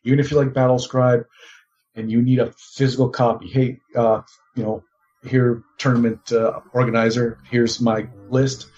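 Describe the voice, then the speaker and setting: A man's voice: medium pitch, level tone, normal speed, a little mellow. A man co-hosting a podcast, talking casually with lots of fillers and wry jokes. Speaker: podcast co-host. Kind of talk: casual hobby chat. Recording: slightly dull lo-fi mic.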